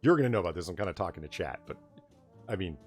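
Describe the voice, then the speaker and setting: A man from the United States hosting a casual late-night chat stream, talking in an animated, profane, ranting way. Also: low-pitched, very fast, breathy edge, soft background music. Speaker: stream host.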